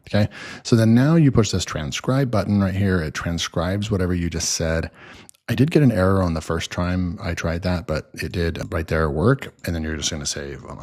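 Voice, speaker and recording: Deep low guy doing a casual screen tutorial, lots of ums and restarts. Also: a little mellow. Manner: rambling, with many fillers and restarts. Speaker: software reviewer.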